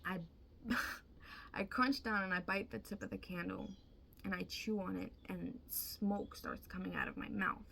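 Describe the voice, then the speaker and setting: Gravelly woman telling a dream. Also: mid-range voice, steady tone, unhurried, fairly bright tone, a little hiss or hum. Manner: chatty, emphatic, swears freely. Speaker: storyteller. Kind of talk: casual dream retelling.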